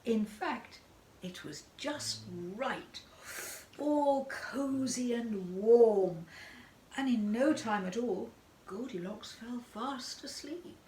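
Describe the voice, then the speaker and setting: A woman narrating a children's story in an expressive, sing-song manner. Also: fairly high pitch, slow, a little hiss or hum. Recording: echoey room.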